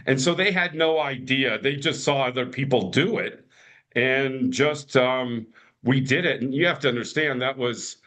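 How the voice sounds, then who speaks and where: This fiftysomething man, a guest on a podcast, has a mid-range voice with a fairly bright tone. His casual storytelling meanders, full of restarts and fillers, and he voices the characters he quotes.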